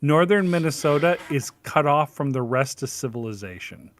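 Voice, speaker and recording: A man's voice: a little high, expressive, normal speed, slight background noise. A man in a casual discussion, speaking emphatically with stammering restarts.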